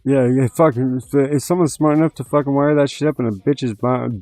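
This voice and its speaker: A man's voice: medium pitch, fairly even intonation, a little fast, mellow, faint music behind. A man hosting a casual livestream, rambling and swearing with lots of fillers. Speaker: livestream host.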